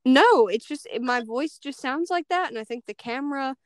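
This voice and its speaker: Giggly girl hosting a podcast, high voice, rambles with lots of likes, dry close mic. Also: animated, normal speed, no room sound. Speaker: podcast host. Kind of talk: casual chat.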